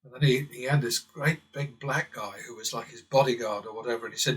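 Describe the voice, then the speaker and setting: A man's voice: mid-range voice, a little fast, few pauses, fairly bright tone, recorded from a distance. An English man hosting his own channel, talking in a rambling, sardonic monologue and chuckling as he wanders off topic. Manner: digressive and sardonic, chuckles often. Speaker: channel host.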